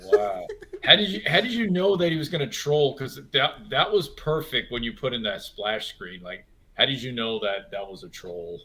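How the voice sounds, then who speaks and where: A man talking on a casual livestream panel, chatty and quick to laugh. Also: mid-range voice, pushed and bright, breathy edge. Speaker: panel guest.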